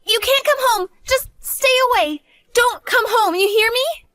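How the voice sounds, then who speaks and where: A woman's voice: very high-pitched, big pitch swings, a little slow, fairly bright tone, no echo, clean studio sound, heavily acted. A woman voicing an earnest, devoted college-age daughter who talks to her mother. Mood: frightened. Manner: earnest, pleading.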